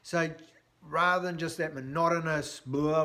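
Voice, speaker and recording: A chatty sales coach, a man talking straight to his viewers in a blunt, animated way. His voice sits a little on the high side, and he leans on fillers as he explains. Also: unhurried. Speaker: sales trainer. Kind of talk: casual instructional talk to camera.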